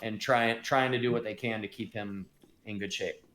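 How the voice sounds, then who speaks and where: A man's voice: on the low side, fairly even intonation, moderate pace, background noise. A man narrating a tabletop game as game master, rambling and full of fillers. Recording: echoey room.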